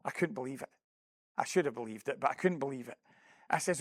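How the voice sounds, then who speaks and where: A middle-aged man stands before a church congregation, telling the story of a mission. His voice sits a touch high and lively as he acts out phone calls, then turns earnest and self-deprecating. The sound is dry and close. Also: a little fast, no echo. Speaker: church worker giving a mission report. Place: church building.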